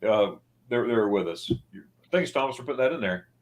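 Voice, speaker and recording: A man's voice: medium pitch, expressive, fairly quick. A man hosting a travel livestream, chatting casually and rambling through anecdotes over a video call. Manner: rambling storyteller, acts out quoted voices. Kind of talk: casual chat.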